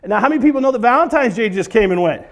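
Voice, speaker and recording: A man's voice: very high voice, racing. A man in his forties doing a comedy monologue at a church event, acting out stories with sung and screamed bits. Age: 40s. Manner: animated storyteller, breaks into singing and screaming bits.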